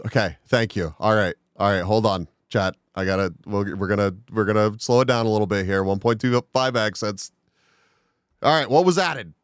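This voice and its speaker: A man's voice: fairly low pitch, normal speed, clear, resonant tone, dry recording, clean studio sound. A man chatting casually on a live stream, reacting to a video and talking back to it, with stammers when he gets flustered.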